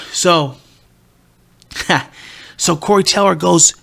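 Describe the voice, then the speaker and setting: A man in his thirties hosting a podcast, telling a concert story in a profane, excitable, rambling way. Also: high voice, drawn-out words, gravelly. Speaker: podcast host. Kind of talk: casual storytelling.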